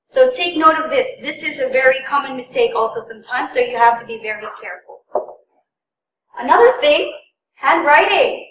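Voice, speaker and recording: A woman's voice: sits high, expressive, normal speed, a little hiss or hum. A woman tutor giving a classroom lesson, patiently repeating and stressing words for learners. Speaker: English test tutor. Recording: echoey room, voice from a distance.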